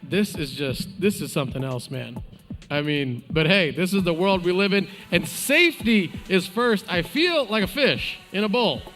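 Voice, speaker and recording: A man's voice: sits high, animated, moderate pace, fairly bright tone, faint music behind. A man hosting a live esports stream, bantering and joking with his co-host. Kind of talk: casual live-stream commentary.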